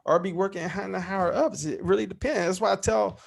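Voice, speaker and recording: A man chats as a podcast guest in a loose, rambling storytelling manner and swears freely. His voice sits a little high and has a gravelly crackle. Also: a little fast. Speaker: guest, interview podcast host. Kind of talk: casual storytelling chat.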